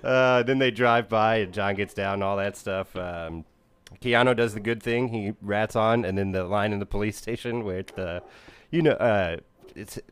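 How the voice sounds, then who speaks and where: A man's voice: on the low side, moderate pace, clear, resonant tone, dry recording. A man chatting loosely on a podcast about a film he plainly enjoys mocking. He swears freely, laughs a lot and keeps slipping into quoted lines. The recording is dry and close, with no room around him. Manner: laughs often, swears, acts out movie lines. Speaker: podcast co-host. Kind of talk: casual movie discussion.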